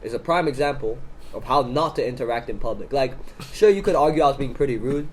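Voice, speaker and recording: A man's voice: mid-range voice, expressive, fast, poor audio. A teenage boy casually telling a story on a student podcast, acting out both sides of an argument. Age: teens. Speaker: podcast co-host. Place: school room in Hong Kong.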